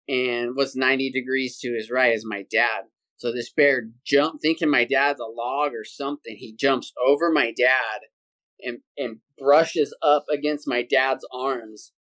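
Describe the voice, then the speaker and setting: A man, a podcast guest telling a hunting story in a lively, casual way and acting out sounds and voices. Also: medium pitch. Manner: animated, acts out sounds and voices.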